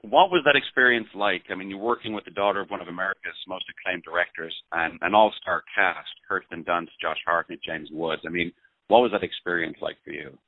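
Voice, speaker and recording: A man's voice: deep voice, fairly quick, no room sound. A man with an Irish accent, a film critic interviewing a guest and asking prepared questions. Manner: prepared questions, short backchannel replies. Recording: dry, tinny phone line.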